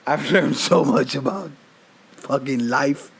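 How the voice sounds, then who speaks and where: A man's voice: medium pitch, takes it slowly, creaky, slightly rough. A man in his thirties telling casual stories on his own podcast, cursing freely and laughing often. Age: 30s. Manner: profane, animated, laughing often. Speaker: podcast host. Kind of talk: casual storytelling monologue.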